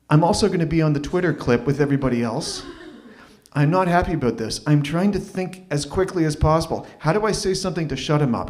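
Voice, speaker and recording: Male open mic storyteller, wry self-deprecating delivery, halting restarts, stage mic. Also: a little high, a little mellow. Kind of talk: live storytelling set. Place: small arts venue stage.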